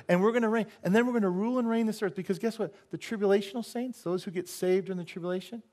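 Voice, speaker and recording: A man preaching a sermon in church, animated and joking, often asking the congregation for an amen and tossing in silly voices and sound effects. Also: sits high, fast talker, few pauses. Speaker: pastor. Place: church sanctuary.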